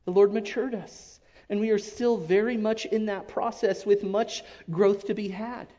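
High-voiced man giving an earnest church testimony. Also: fairly even intonation. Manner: earnest, halting, often drops to a hush. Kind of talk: emotional personal testimony. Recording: dull lo-fi recording.

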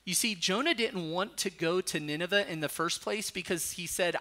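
His voice sits high with a sharp tone, moving at a moderate pace with hardly any pauses as he preaches a sermon. The pastor reads scripture aloud between points and rises sharply when voicing Jonah's anger.

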